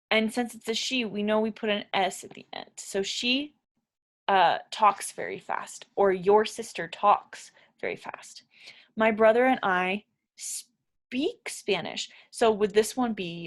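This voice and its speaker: A woman teaching an English grammar lesson, who explains step by step and puts questions to her learners. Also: mid-range voice.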